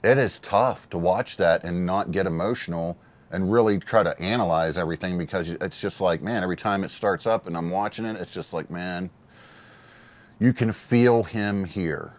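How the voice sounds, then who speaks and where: Deep-voiced man in emotional wrestling commentary. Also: fairly quick. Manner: earnest, emotional, repeats himself. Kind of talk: casual solo commentary.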